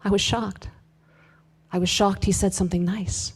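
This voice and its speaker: A woman's voice: mid-range voice, fairly even intonation, moderate pace, husky. Confessional woman performing spoken word. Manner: confessional and wry, with emphatic swearing; moves between hushed asides and loud bursts. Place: live event space with audience.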